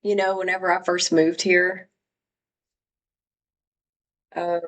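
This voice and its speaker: A woman's voice: fairly low pitch, little pitch movement, slow, rough recording. A woman from Louisiana hosting a live stream, chatting casually and rambling as she greets viewers by name.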